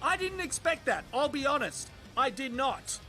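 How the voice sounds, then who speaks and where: A man's voice: very high voice, sing-song, normal speed, over music. An Australian man doing sarcastic, sweary comedic voice-over commentary on viral clips. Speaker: video reviewer.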